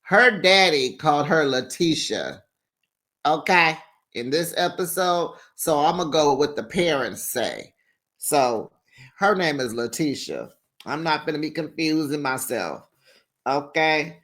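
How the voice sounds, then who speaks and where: A man's voice: on the high side, expressive, a little slow, a bit bright. A man hosting a casual reality TV recap, sassy and playful, laughing often and acting out quotes in exaggerated voices.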